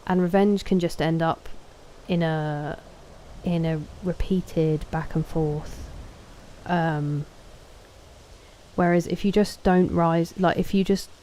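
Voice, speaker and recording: A woman's voice: lowish voice, fairly even intonation, takes it slowly, mellow, slight background noise, poor audio. A woman streaming a game, chatting casually with her viewers, greeting and thanking them and answering their questions.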